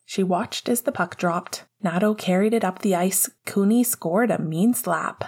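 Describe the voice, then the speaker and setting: A woman narrating an audiobook chapter in a calm, even storytelling manner. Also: mid-range voice, measured pace, husky. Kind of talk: audiobook narration of fan fiction.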